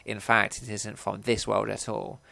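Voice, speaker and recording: A man's voice: on the low side, little pitch movement, moderate pace, gravelly, bright, forceful tone, dry recording, full character voice. A man voicing a flamboyant painted elf who lectures theatrically in a video game. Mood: lecturing.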